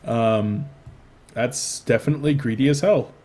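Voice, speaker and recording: A man's voice: mid-range voice, unhurried, a little mellow, a little hiss or hum. Young man joking through game commentary. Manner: joking, rambling banter. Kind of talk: casual esports commentary.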